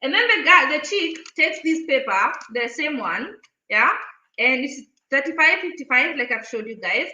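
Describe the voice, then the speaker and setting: A woman vlogger talks straight to camera, retelling a run-in with a lively, indignant energy. Her voice is high and bright. The room around her is echoey. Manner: animated, indignant retelling with acted-out quotes. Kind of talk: casual storytelling to camera.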